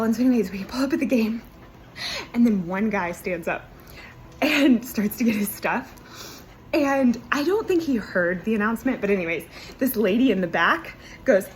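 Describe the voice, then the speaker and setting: Chatty young mom telling a story. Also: female voice, fairly high pitch, slight background noise, low-quality recording. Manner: chatty, animated, heavy use of "like" and "anyways". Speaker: podcast host telling a personal story. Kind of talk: casual storytelling.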